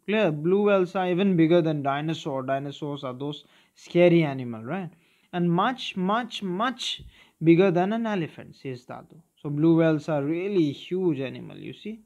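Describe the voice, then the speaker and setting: A man, teaching a children's lesson, who keeps asking "okay?" and "clear?". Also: on the high side, lively intonation, normal speed, darkish tone, dull audio. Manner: repetitive, checking understanding with "clear?" and "okay?". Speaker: English teacher. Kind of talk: recorded primary school lesson.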